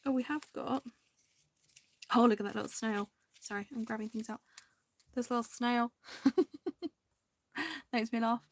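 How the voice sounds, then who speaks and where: A woman hosting a crafting video, chatting casually and indecisively to viewers, now and then dropping into soft half-whispered asides. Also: on the high side, unhurried, long pauses.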